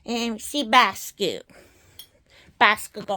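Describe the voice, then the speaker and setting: A woman playing with stuffed animals, talking in a slow, coaxing, babying sing-song manner. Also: sits high, bright, forceful tone, slight background noise. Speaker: caregiver playing with toys. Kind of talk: playful talk to an adult in her care.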